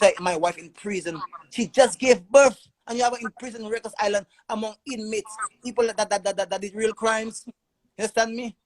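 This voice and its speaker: A man's voice: sits high, rough recording. A man telling his own story as a father in an emotional testimony, urgent and repeating words in long stammering runs.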